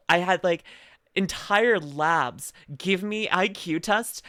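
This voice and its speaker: A woman's voice: mid-range voice, sharp tone, dry recording, clean studio sound. A young adult woman streamer chatting casually and playfully, often laughing as she reads chat aloud. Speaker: VTuber streamer.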